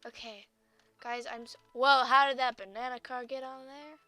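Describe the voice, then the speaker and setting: Excitable high-voiced young woman gamer. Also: normal speed, dry recording, faint music behind. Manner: excitable, gushing. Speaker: gaming YouTuber. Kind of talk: casual gameplay commentary.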